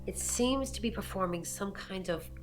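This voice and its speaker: A composed fortune-teller woman, played by an actress, measured and dryly witty. Her voice sits in an ordinary middle register. Game music plays clearly beneath her. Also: mid-range voice, natural voice. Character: calm female tarot reader, wry and watchful. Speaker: game character.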